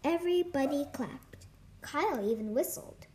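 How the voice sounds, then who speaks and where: A woman's voice: fairly high pitch, lively intonation, slow pace, warm tone, slight background noise. A woman reading a children's novel aloud to a class, carefully and with small restarts.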